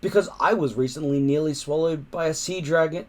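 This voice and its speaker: A man doing a high, frantic young boy hero. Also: fairly quick, close to an everyday voice. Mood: gasping. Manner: high, shouting, breathless.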